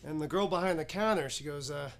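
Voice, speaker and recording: A man's voice: on the high side, fast talker, fairly bright tone, soft background music. An actor performing a stage comedy monologue as a weary, sardonic man telling about his day in a dry way. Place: acting studio stage before an audience.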